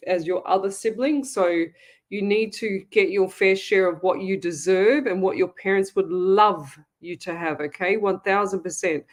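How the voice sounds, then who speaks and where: Chatty woman psychic host. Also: mid-range voice. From Australia. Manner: chatty, rambling, reads comments aloud; eats while talking. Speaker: psychic medium radio host. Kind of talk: live-streamed casual reading.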